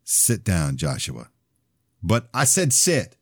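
A steady middle-aged aunt, stern when needed yet coaxing, read by a low-voiced man in an audiobook. She keeps her voice calm and even. The recording is dry. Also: slow pace, slightly rough, no echo, heavily acted. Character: firm but caring middle-aged aunt.

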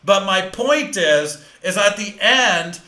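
In a live training session, a male sales coach fires off his points fast and with great energy, stressing them emphatically. His voice is high and bright, and the space around him sounds roomy and echoey.

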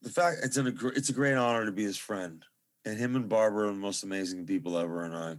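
A man's voice: lowish voice, fast. A middle-aged man, a musician guest, talking over a video call in a rambling, effusive and reverent way. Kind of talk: casual interview chat.

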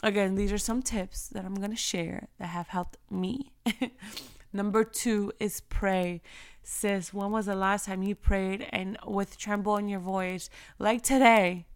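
A young woman giving a heartfelt, emotional faith talk, speaking earnestly and moving between near-whispers and loud emphasis. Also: mid-range voice, steady tone, a little slow, clean tone.

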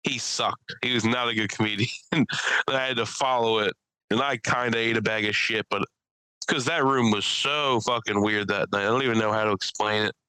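A man telling rambling, profane stories in a loose podcast chat, often laughing at his own tales. His voice is bright and forceful, smooth and crisp, recorded dry and close. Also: lowish voice, fairly even intonation, moderate pace, dry recording, low-quality recording. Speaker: podcast host and stand-up comedian. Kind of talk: casual storytelling chat.

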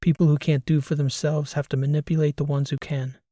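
A man's voice: fairly high pitch, level tone, a little fast, mellow, no room sound, clean studio sound, close to an everyday voice. A man doing a weary, grieving old father. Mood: grim.

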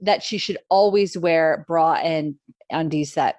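A woman hosting a casual chat, encouraging and warm toward her guest. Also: sits low, unhurried. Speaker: host.

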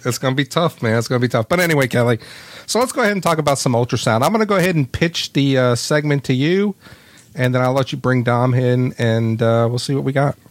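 A man's voice: mid-range voice, quick pace. Easygoing male podcast co-host. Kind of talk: casual podcast chat.

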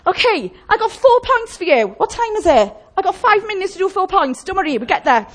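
A woman's voice: extremely high pitch, very animated, fairly quick. A woman preaching a sermon in a conversational way, often asking the congregation questions.

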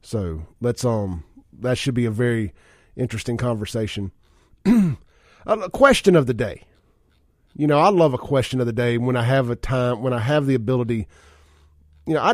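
A man's voice: medium pitch, darkish tone, dry recording. Guy hosting talk radio, laid-back chatty, lil chuckles, dry close mic. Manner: chatty, chuckles often, reads listener texts aloud. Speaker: radio talk show host. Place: radio studio. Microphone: studio microphone.

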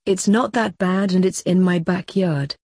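A woman's voice: fairly low pitch, measured pace, darkish tone, slightly rough, no echo, clean studio sound. A woman voicing a grumpy, ancient male doctor who grumbles wearily. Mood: grumbling. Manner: grumbling and weary.

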